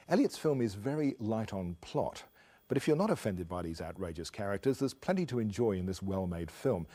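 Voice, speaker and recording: A man, a film critic, reading a scripted review in a measured, dryly witty way. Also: fairly low pitch, darkish tone, slightly rough.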